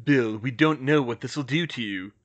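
A man's voice: mid-range voice, moderate pace, dull audio, natural voice. A man voicing a brave, stubborn young wizard who speaks bluntly and insistently in an audiobook. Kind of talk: audiobook character voice.

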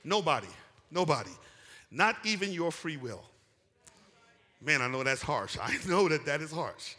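A male pastor preaching a lively sermon, calling out to the congregation and swinging from quiet asides to loud shouts. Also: a little high, a little slow, long reverb tail. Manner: animated preaching with call-and-response, rising to shouts. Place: church sanctuary.

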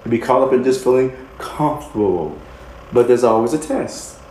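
A man's voice: medium pitch, expressive, moderate pace, darkish tone. A man minister preaching a sermon with emphasis, repeating key phrases and chuckling between points. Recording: echoey room.

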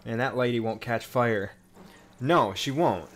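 A man's voice: mid-range voice, unhurried, fairly bright tone. A man streaming a horror game live, cursing and sounding irritated as he plays. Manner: profane, irritated, exasperated. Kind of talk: live gameplay commentary.

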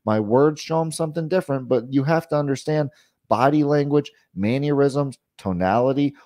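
Man, sales trainer, casual chatty talk, mellow dark voice, dry sound. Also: mid-range voice, moderate pace, no echo. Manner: conversational, frequent "you know" and "right?" asides; acts out pushy and calm sales questions.

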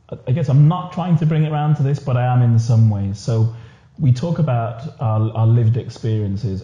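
As a guest on a casual podcast, a man talks earnestly, repeating words and restarting often. His mellow, mid-range voice comes through a dull, lo-fi recording in an echoey room.

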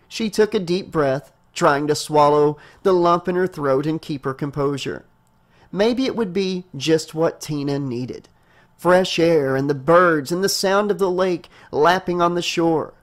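A male audiobook narrator reading a horror novel aloud. His voice sits a little high for a man, and he keeps a steady storytelling pace. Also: measured pace.

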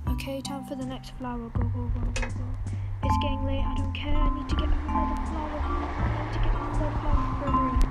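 Woman, very high voice, casual gaming commentary, exasperated and giggly, game music underneath. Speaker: gaming channel host.

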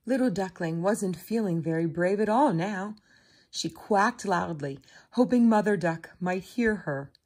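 A woman narrating children's picture books in a gentle, expressive storytelling voice. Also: medium pitch, measured pace, slightly rough. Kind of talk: children's story read-aloud.

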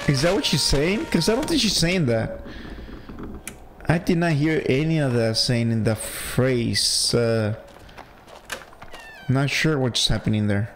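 A man's voice: mid-range voice, lively intonation, unhurried, pauses often, slight background noise, poor audio. Chatty gamer man with a heavy accent. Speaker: gaming channel host. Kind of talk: casual let's-play commentary.

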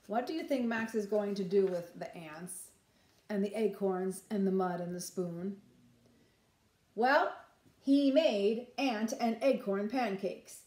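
A woman's voice: medium pitch, slow, roomy sound. A nursery school teacher, a woman, reading a picture book aloud and asking the children questions. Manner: animated, asks children questions.

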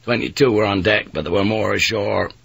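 A man voicing a steady ship's pilot who speaks in a kind, level, measured way. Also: lowish voice, gravelly, slightly rough, no room sound, full character voice.

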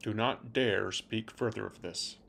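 A man's voice: on the low side, unhurried, vocal fry. A man playing a haughty, self-righteous partner in a comic sketch, speaking in a grand, lofty way. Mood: pompous. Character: pompous offended partner, adult man.

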